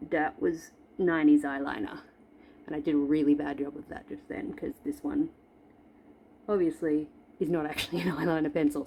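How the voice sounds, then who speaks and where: A woman's voice: low-pitched, lo-fi sound. A woman in her forties chatting through a makeup tutorial at home, playful and self-deprecating. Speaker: makeup vlogger. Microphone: camera in front of her.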